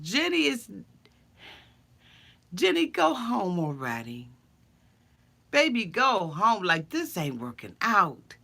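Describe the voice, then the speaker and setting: Sassy lady recapping reality tv, cussing, stammers, bright voice. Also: mid-range voice, wildly swooping pitch, takes it slowly, creaky, pauses often. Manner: sassy, blunt, profane, stammering asides. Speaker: show recap commentator. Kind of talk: comedic reality show recap.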